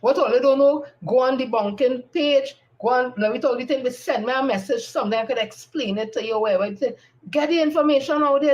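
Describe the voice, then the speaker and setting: A woman's voice: sits high, fast talker, a little mellow, low-quality recording. A woman with a Trinidadian accent, giving a blunt, combative live-stream monologue and repeating her points for emphasis. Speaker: political commentator on a live stream.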